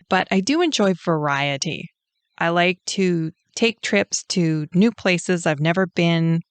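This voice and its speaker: A woman's voice: fairly low pitch, no echo. A woman author with a Canadian accent reading her own author's note with friendly, self-deprecating humor. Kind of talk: author's note, read aloud.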